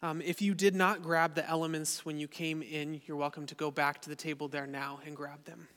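A pastor preaching a sermon to his church, earnest and often dropping softly at the end of a point. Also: on the high side, little pitch movement, brisk, clean tone, long reverb tail. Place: church sanctuary.

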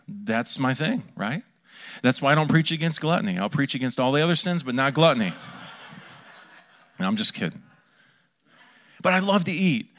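A man preaching a sermon as pastor, lively and joking, with asides to his congregation. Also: medium pitch, moderate pace, long pauses.

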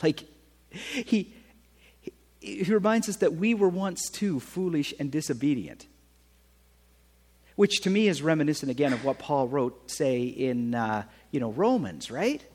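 A man preaching a sermon in a conversational way, often checking in with his listeners with a quick "right?". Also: on the high side, expressive, a little mellow, in a large hall. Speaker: pastor.

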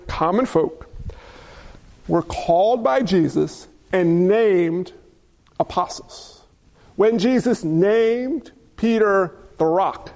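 This pastor's sermon comes in a notably high, slightly mellow voice. Playful in his preaching, he drops jokey asides and poses rhetorical questions to the congregation.

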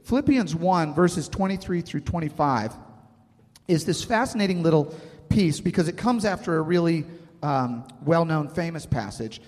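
A man's voice: a little high, lively intonation, moderate pace, darkish tone, long reverb tail. A man in his thirties preaching a sermon, talking conversationally and asking the congregation questions. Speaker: pastor.

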